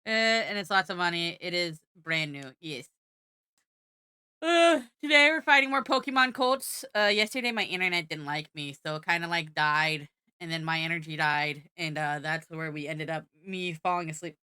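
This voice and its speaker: A woman's voice: lowish voice, normal speed, pushed and bright, clear, resonant tone, dry recording, studio quality. A young woman streaming live, chatting playfully and goofily to her viewers with sing-song repetition. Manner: chats directly to viewers in chat. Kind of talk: casual live-stream chat. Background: faint background music.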